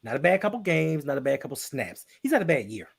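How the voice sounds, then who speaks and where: A man's voice: a little high, big pitch swings, quick pace, gravelly, slightly rough. A man on a video call in casual sports talk, argumentative and teasing, often cutting in.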